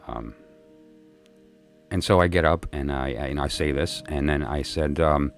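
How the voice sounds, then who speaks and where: A man with an extremely deep, low voice, chatting casually and tiredly on a livestream. He rambles, circles back, and fills his gaps with plenty of ums and uhs. A faint bed of music plays quietly behind him. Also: a little slow, creaky. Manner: rambling and chatty, many fillers and restarts. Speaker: livestream host chatting with viewers.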